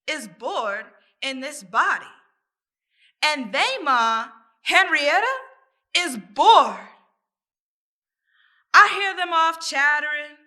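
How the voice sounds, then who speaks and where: A woman poet giving a rhythmic, deliberate spoken-word poetry performance, repeating phrases for effect. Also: sits high, bright, forceful tone.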